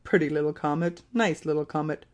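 Reader doing a mocking orderly, slow and quiet teasing. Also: medium pitch, lightly acted. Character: cheeky mocking male orderly. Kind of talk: audiobook character reading.

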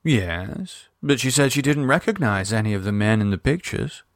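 A man's voice: mid-range voice, animated, normal speed, no room sound, clean studio sound, lightly acted. A man voicing a refined older English lady who speaks languidly and genteelly. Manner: languid and genteel, calls people dear.

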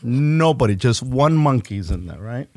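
A man's voice: medium pitch, unhurried, dry recording, clean studio sound. A man on a podcast, telling a story in casual, profane talk and acting out each person's lines. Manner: profane, animated storytelling with acted-out dialogue. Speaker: podcast co-host.

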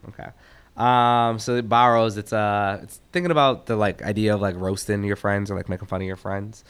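Guy reading his own poems, kinda low voice, gets loud then soft, real rhythmic. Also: brisk, clean tone. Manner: expressive, rhythmic delivery with swings in loudness. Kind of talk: poetry reading.

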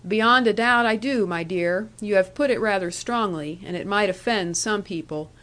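Woman reading sly old outlaw counsellor, loud and teasing, jolly old man in a storybook. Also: mid-range voice, normal speed, close to an everyday voice. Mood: jovial. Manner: chuckling, teasing.

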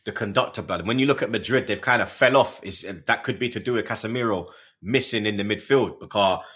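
A man hosting a casual football chat, animated and slangy, swearing freely. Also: lowish voice, fairly quick. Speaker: host.

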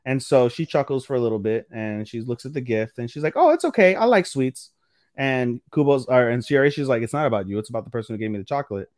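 A man's voice: medium pitch, fast talker, few pauses, no echo. Man, podcast co-host, casual anime recap, dry close sound, acts out quotes. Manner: animated recapping with acted-out quotes, swearing. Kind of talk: casual anime review chat.

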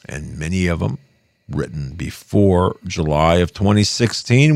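Older male commentary host, deep and gravelly, casual rambling delivery, dry home-studio sound. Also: slow, no echo. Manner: rambling, loses his thread and restarts.

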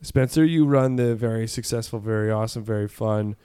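A man's voice: lowish voice, a little fast, mellow, smooth. A man hosting a podcast, chatting casually and teasing his guest with dry asides. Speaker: host.

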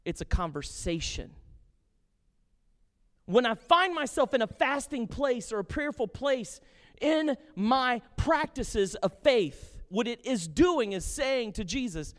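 Guy pastor preaching, high voice, jokey and fired up, big hall reverb. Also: takes it slowly. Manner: passionate, jokey, animated preaching. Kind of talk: sermon.

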